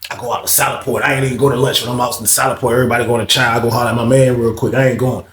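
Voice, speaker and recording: A man's voice: mid-range voice, little pitch movement, rapid-fire, a bit bright, roomy sound. A man telling a casual storytime monologue in slang, acting out both sides of the conversations.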